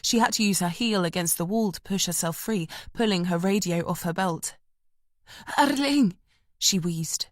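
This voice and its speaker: Woman narrating an audiobook, lowish voice, measured and tense, dry close mic. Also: fairly even intonation, no echo. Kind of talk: scripted narration.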